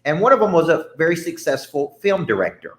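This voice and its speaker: A man's voice: fairly high pitch, big pitch swings, brisk, echoey room. A man, a business coach and guest, telling a story with emphatic energy, often repeating himself and checking in with "right?".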